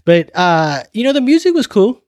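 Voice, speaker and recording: Slangy man co-host, fairly high voice. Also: sing-song, darkish tone, no room sound, studio quality. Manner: slangy, halting, searching for words. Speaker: podcast co-host. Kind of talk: casual profane chat.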